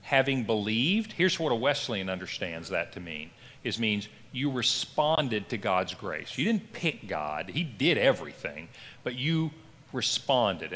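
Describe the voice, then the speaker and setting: A man's voice: on the low side, bright, forceful tone, long reverb tail. A middle-aged man, a pastor teaching a Bible class in a conversational, emphatic way. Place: church classroom.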